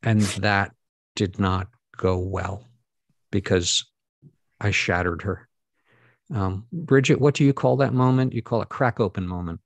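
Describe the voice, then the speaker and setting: A man's voice: fairly low pitch, unhurried, pauses often, no echo. A middle-aged man, a guest in a casual conversation, telling personal stories in an earnest, rambling way. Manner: earnest, storytelling, rambling asides.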